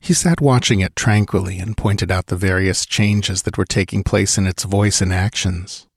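A man giving audiobook narration in measured, steady storytelling. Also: deep voice, creaky, slightly rough, dry recording, studio quality.

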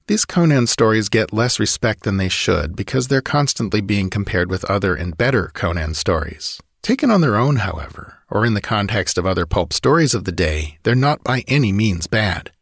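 A man narrating an audiobook in a measured, steady storytelling manner. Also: fairly low pitch, breathy edge, dry recording, clean studio sound. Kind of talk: scripted narration.

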